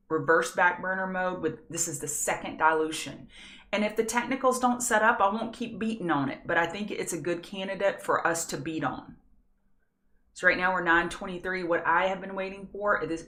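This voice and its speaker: Low-voiced woman talking markets. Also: pushed and bright. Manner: chatty, self-deprecating, scattered asides. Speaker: trading show host. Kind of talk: live market analysis stream.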